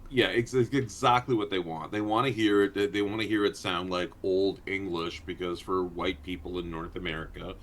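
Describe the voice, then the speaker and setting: Podcast co-host, male, blunt and sarcastic, lower voice, bright tone. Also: steady tone, normal speed, hardly any pauses, slight background noise. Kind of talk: casual chat.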